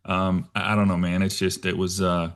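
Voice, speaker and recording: A man hosting a casual online show, relaxed and chatty, calling people bro and man. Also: low-pitched. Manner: laid-back, says bro and man a lot, halting. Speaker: podcast host. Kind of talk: casual video call chat.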